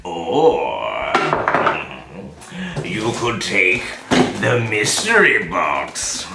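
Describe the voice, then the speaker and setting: A man voicing a pompous, bumbling male judge with a gravelly, booming, theatrical delivery. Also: huge pitch swings, drawn-out words, very noisy, heavily acted. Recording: roomy echo.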